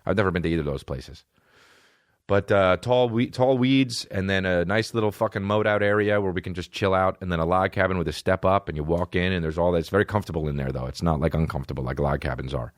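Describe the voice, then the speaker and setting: A comedy podcast host in his thirties rants casually and profanely, mocking people by imitating their voices. His low voice moves at a quick pace, captured in clean studio sound with no room echo.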